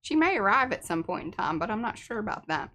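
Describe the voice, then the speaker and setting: A woman's voice: medium pitch, big pitch swings, fast, fairly bright tone, a little hiss or hum. A middle-aged woman hosting an art livestream, chatting casually and greeting viewers one by one.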